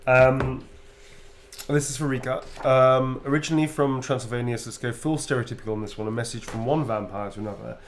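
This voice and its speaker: A man's voice: medium pitch, steady tone, fairly quick, a little hiss or hum. A man signing autographs on a livestream, chatting in a playful, easygoing way and laughing easily. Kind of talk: casual live chat.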